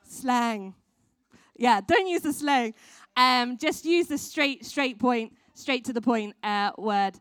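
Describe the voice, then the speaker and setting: Slow and animated, a woman's slightly high, somewhat bright voice comes through at studio quality without echo. She works with children and is casually training church volunteers, chatting with frequent ums and restarts.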